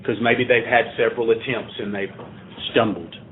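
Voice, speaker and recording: A man's voice: on the low side, steady tone, normal speed, slight background noise. A man giving a plainspoken, earnest talk at a recovery meeting, building to emphatic points. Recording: tinny phone-like sound.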